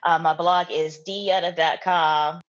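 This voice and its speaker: A young woman talks about her work in a relaxed interview, chatty and quick to laugh. Her voice sits a little low and comes through husky. The recording is slightly dull and lo-fi. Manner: laughs often, animated and chatty. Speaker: guest, content creator. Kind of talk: casual interview chat.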